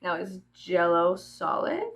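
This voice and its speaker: In a low-quality recording, the Texan vlogger speaks slowly in a lowish, sing-song voice. She chats in a rambling, profane, giggly way with a Texas accent, frequently dropping her voice to a murmur.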